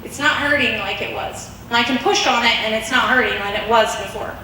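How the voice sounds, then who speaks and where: A woman telling a personal testimony in a lively storytelling way, acting out the voices of the people in her story and laughing often. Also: a little high, brisk, heavy reverb, recorded from a distance, a little hiss or hum, poor audio.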